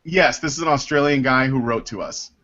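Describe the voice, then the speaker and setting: A man's voice: mid-range voice, pushed and bright. Rambling male podcast host, lo-fi. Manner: rambling, halting, with many fillers. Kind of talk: casual panel chat, reading listener mail.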